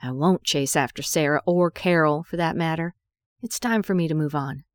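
A woman's voice: deep voice, moderate pace, dry recording, studio quality, natural voice. A woman voicing a betrayed woman who speaks in clipped, bitter lines while furious and wounded. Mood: resigned.

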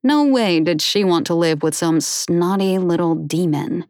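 A woman narrating a children's animal story in a steady, even reading voice. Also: on the low side, measured pace, dry recording, clean studio sound.

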